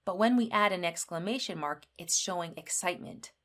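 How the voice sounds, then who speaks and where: Speaking in a lowish voice, a female teacher walks through English grammar rules with slow clarity. When she reads example sentences, she emphasizes them in a lively way.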